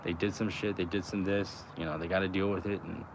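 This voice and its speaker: Young guy rambling and cussing a lot, kinda low voice, faint traffic hum behind him outside. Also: little pitch movement, quick pace. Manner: loose, profane, rambling with many fillers. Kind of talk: casual rambling chat.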